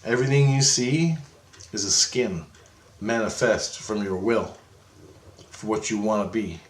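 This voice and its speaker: A man's voice: lowish voice, measured pace, echoey room. A man telling a long story in a casual, rambling monologue, swearing often and correcting himself as he goes. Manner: rambling, profane, animated retelling with self-corrections. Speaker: vlogger.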